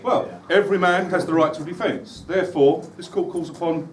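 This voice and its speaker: A man's voice: high-pitched, fairly even intonation. A man at a wedding reception announcing the next speaker in a mock-formal courtroom manner. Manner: slow, mock-solemn announcing. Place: wedding reception room, indoors. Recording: distant, echoey room with faint noise.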